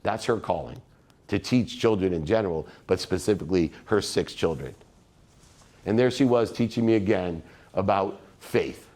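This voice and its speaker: A man's voice: deep voice, normal speed, darkish tone. A man giving a motivational keynote speech, telling stories in an emphatic, repetitive way. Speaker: guest keynote speaker.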